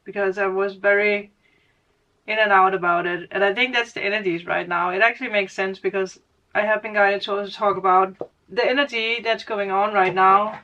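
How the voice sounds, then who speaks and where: A woman's voice: mid-range voice, pushed and bright, muffled recording. A woman giving a casual spiritual reading as a tarot reader, rambling, laughing often and correcting her own words. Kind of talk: casual spiritual guidance monologue.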